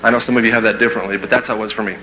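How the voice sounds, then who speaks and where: Racing through a funny personal story, a motivational speaker acts out the voices with lots of energy and laughs at his own tale before an audience. His voice is on the low side, and the rough recording has a little hiss or hum.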